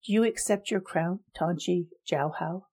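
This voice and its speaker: A woman's voice: lowish voice, measured pace, darkish tone, husky. A woman voicing a wry elder advisor who makes dry, frank remarks in a storybook reading.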